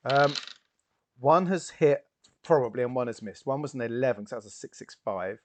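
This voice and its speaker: A man's voice: medium pitch, expressive, fairly quick, slight background noise. A man playing a tabletop game, describing his character's moves in a playful, laughing manner. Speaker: player.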